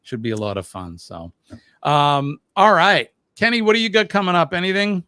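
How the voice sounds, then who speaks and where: A man co-hosting a casual livestream chat, lively and quick to laugh. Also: high voice, clean tone, no room sound, clean studio sound. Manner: lively, laughs often, drawn-out banter. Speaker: livestream co-host.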